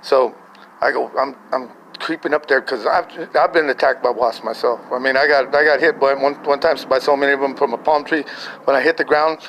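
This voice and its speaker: A man's voice: medium pitch, steady tone, fairly quick, fairly bright tone, a little hiss or hum, rough recording. An older man, a grandfather, telling a family story in a casual voice message, rambling and chuckling through many restarts.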